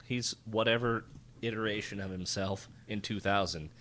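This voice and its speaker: Low-voiced, laid-back podcast co-host man. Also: steady tone, normal speed, a bit bright, a little hiss or hum. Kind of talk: casual chat.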